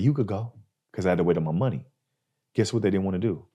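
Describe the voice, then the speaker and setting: Deep-voiced man telling a story. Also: quick pace. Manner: animated, acts out people in his stories. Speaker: podcast host. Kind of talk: casual storytelling.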